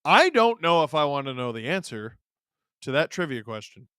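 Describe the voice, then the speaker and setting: A man's voice: fairly high pitch, very animated, normal speed, bright, forceful tone, clean tone, dry recording, studio quality. A man hosting a live stream, giving casual sarcastic commentary while watching a game and reading chat questions aloud. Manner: sarcastic, joking banter.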